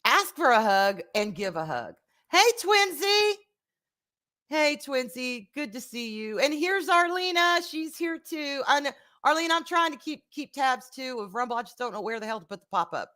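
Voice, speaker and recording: A woman's voice: a little high, animated, brisk, sharp tone. Candid, rambling woman livestream host. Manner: candid, rambling, swears freely, reads viewer comments aloud. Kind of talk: casual live-stream chat.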